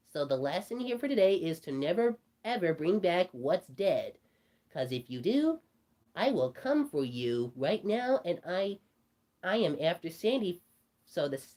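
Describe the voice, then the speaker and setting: Evil cartoon sponge, put on by a narrator; gloating, sinister, lively pitch swings. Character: menacing cartoon sea sponge turned evil.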